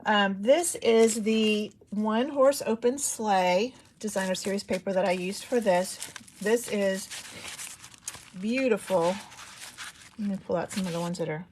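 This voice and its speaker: A woman's voice: mid-range voice, measured pace, a little mellow, a little hiss or hum. A woman hosting a casual live-stream papercraft demo, chatty and rambling with lots of ums, still getting over a cold with a cough. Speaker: papercraft demonstrator.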